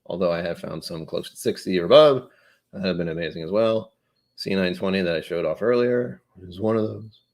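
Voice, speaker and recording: A man's voice: deep voice, fairly quick, darkish tone. A man hosting a casual whiskey tasting livestream, thinking aloud and correcting himself as he goes.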